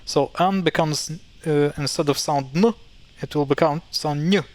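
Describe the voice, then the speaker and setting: Guy, teaching pronunciation, lots of uhs and restarts, kinda high voice. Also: moderate pace. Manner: hesitant, many fillers and self-corrections. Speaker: language teacher. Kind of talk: casual explanatory lesson.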